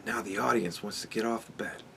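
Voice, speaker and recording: A man's voice: lowish voice, fairly even intonation, a little fast, creaky, very noisy. A man hosting a podcast, giving a sardonic, profanity-laced commentary monologue and chuckling often. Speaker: podcast host.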